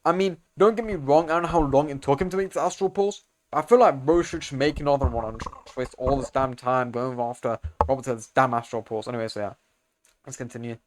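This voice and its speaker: A young man casually recapping a comic, rambling in slang, correcting himself, and getting loud and excited over the fight scenes. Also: mid-range voice, fast. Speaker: video creator explaining comics.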